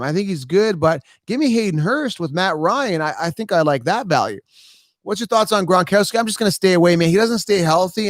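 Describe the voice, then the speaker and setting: A man's voice: on the high side, no room sound, clean studio sound. Hyped-up man answering live questions. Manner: energetic, fast, hypes listeners up. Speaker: fantasy football advice host. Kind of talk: live Q&A stream, casual.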